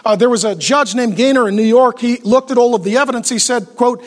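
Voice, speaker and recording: Pastor type, man with a very high voice, punchy emphatic sermon delivery, rapid-fire lists, jokes to the crowd. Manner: joking asides to the audience.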